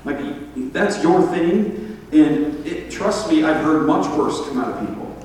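A man preaching a sermon, telling stories with laughter and animated asides. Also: on the high side, measured pace, a little hiss or hum. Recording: echoey hall from far off.

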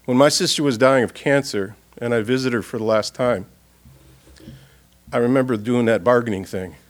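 A man preaching at a funeral, earnest and expressive, swinging from loud appeals to hushed, quiet passages. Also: mid-range voice, moderate pace. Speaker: pastor. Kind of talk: funeral sermon. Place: church or funeral gathering.

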